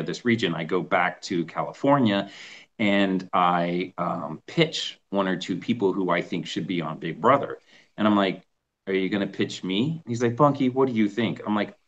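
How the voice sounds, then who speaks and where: Lively storytelling man with a low voice. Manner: animated, acts out quoted voices. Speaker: interview guest. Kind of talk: casual storytelling.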